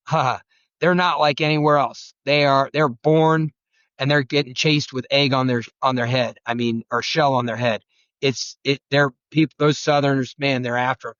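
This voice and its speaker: A man who is a guest turkey-hunting expert, telling rambling, animated stories and acting out quotes. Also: medium pitch, moderate pace, no echo, lo-fi sound. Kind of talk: storytelling conversation.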